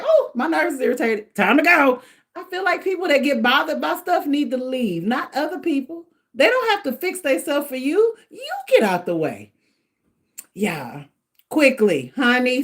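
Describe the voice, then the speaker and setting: A middle-aged woman hosting a casual livestream, chatting in an animated way and laughing often. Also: fairly high pitch. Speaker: livestream host.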